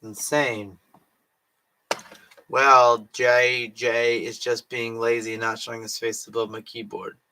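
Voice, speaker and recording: A man's voice: mid-range voice, little pitch movement, slow pace, bright, forceful tone. A drunk young man chatting casually on a late-night livestream, swearing, slurring and laughing to himself. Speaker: streamer.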